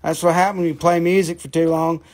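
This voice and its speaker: A man's voice: fairly high pitch, flat delivery, fast talker, darkish tone, lightly acted. A man voicing a rowdy good-old-boy rock dealer in a Southern US accent, drawling and salty, ending his lines with "man.".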